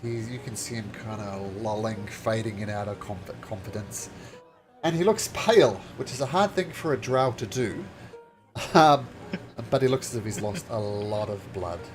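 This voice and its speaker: A man narrating a tabletop game as game master, halting often and filling gaps with "uh". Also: fairly low pitch, over music. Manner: halting, full of fillers.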